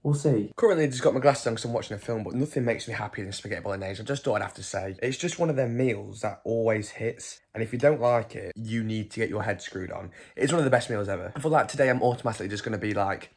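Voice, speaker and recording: A man's voice: lowish voice, quick pace, hardly any pauses, a little mellow. A young man, chatting enthusiastically in a casual food vlog. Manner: enthusiastic and chatty, lots of exclamations. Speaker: vlogger.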